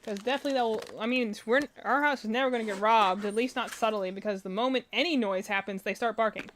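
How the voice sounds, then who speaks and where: A slightly high, fairly bright voice belongs to a young woman who talks at a quick pace while crocheting on a home stream. There's slight background noise, including barking dogs, as she rambles casually with plenty of fillers and laughter.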